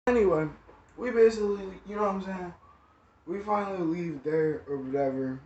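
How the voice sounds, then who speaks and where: A man's voice: high voice, moderate pace, a little mellow. A young man telling a rambling, slangy story, full of "like" and "you know what I'm saying.". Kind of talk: casual storytime. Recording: echoey room, dull lo-fi sound, faint noise.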